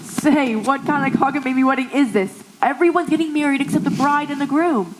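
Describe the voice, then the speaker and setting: A woman's voice: high-pitched, brisk, noisy background, lightly acted. A woman playing an anxious, blustery male producer with a weak heart on a stage. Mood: fretful. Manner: fretful, blustery. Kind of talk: stage musical acting.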